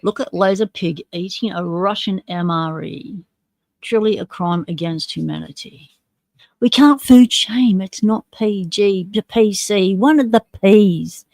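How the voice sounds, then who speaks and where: A woman's voice: mid-range voice, normal speed, dry recording. A woman with an Australian accent, hosting a casual livestream chat in a rambling, jokey way. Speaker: livestream host.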